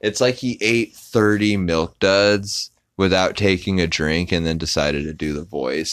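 A man's voice: low voice, fairly bright tone. A man hosting a podcast, casually recapping an episode in a rambling way full of fillers and restarts. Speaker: podcast host.

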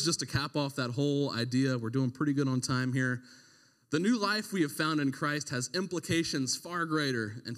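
A man's voice: mid-range voice, a bit bright. A young man, preaching a casual, conversational sermon as a youth pastor, full of slang and asides. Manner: conversational, slangy, with frequent "like" and "right?". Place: church sanctuary. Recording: long hall reverb.

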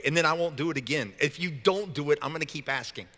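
A man's voice: a little high, quick pace, hardly any pauses, sharp tone, long reverb tail. A man preaching a sermon as pastor, talking in a casual, joking way with frequent stumbles and restarts. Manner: conversational and joking, with many repeated restarts.

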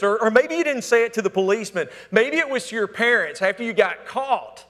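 A man preaching a sermon as pastor, asking the congregation to fill in words and swinging between emphatic calls and hushed, near-whispered lines. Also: high-pitched, animated, brisk, hardly any pauses. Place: church sanctuary. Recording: long hall reverb.

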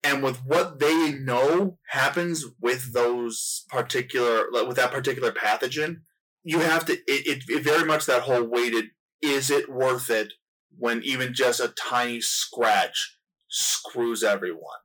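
Dude on a film podcast getting worked up, voice keeps jumping up, regular mid pitch otherwise. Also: male voice, unhurried, low-quality recording. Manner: animated, voice jumps up when making a point. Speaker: podcast co-host. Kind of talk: casual film discussion.

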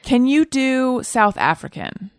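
A woman hosting a podcast, chatty and quick to laugh. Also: high-pitched, sing-song, no echo, studio quality. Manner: laughs often, reads listener messages aloud. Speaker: podcast host. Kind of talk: casual podcast chat.

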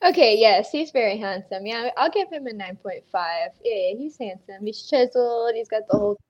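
Female podcast host, slightly high voice, joking and casual with loose swearing. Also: lively intonation, normal speed, darkish tone, muffled recording. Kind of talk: casual chat.

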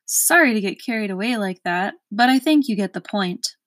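A woman's voice: medium pitch, expressive, moderate pace, a bit bright, dry recording, clean studio sound, natural voice. A woman voicing a proud, fussy male watchdog who makes grand speeches. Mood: gruff.

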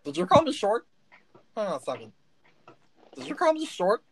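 A man's voice: high-pitched, expressive, moderate pace, fairly bright tone, voice pushed up, poor audio. A man voicing a jittery, brash male gnome barfly who rambles and picks fights. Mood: manic.

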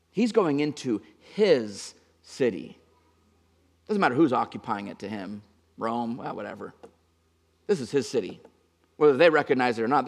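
Guy pastor preaching, kinda high voice, goes loud then quiet, big church echo. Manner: dynamic preaching, swinging from emphatic to hushed. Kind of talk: sermon. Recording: long reverb of a large hall.

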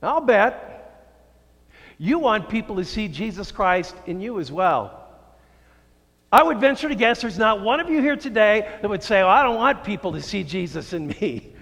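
A male pastor delivering a sermon, preaching slowly and emphatically with drawn-out phrases. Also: sits high, animated, gravelly, a bit bright, big-room sound. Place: church sanctuary.

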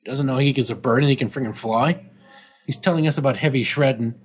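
A man's voice: medium pitch, quick pace, slightly rough, highs cut off. A man co-hosting a podcast, chatting casually about an old game magazine, joking and swearing freely. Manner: jokey, swearing, laughing often. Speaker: podcast co-host.

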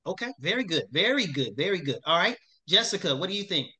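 An upbeat man leads a class discussion, cheering on each answer with repeated praise. His voice sits a touch high and rings bright and forceful. He moves the talk along from student to student. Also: sing-song, fast. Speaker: chaplain instructor leading a class.

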